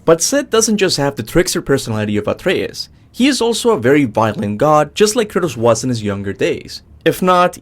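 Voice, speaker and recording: A man hosting a gaming channel, reading a scripted top-ten commentary with upbeat emphasis. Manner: lively, swooping pitch with upbeat emphasis.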